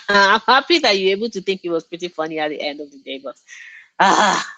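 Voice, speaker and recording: A woman's voice: mid-range voice, expressive, brisk, pushed and bright, no echo. Chatty young woman, Yoruba her first language. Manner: chatty and laughing, reacts to viewer comments. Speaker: book streamer hosting a reading check-in. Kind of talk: casual live-stream chat.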